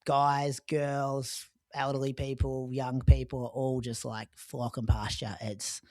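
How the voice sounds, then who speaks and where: An Australian man tells a long race story in a relaxed podcast chat, leaning on fillers as he goes. His voice sits at an ordinary middle pitch. It is recorded dry, with no room sound around it. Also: takes it slowly, dry recording. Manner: chatty storytelling with frequent "like" and "um". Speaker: podcast co-host recounting a marathon.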